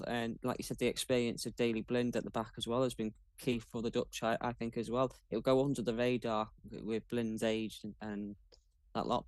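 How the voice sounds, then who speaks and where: Measured man talking football. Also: mid-range voice, no room sound. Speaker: guest pundit. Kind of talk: casual sports chat.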